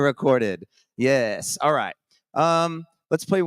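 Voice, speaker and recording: A man's voice: fairly low pitch, normal speed, no room sound, clean studio sound. A man hosting a live show on a conference stage, telling stories in an upbeat, chatty, rambling way with many restarts. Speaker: host.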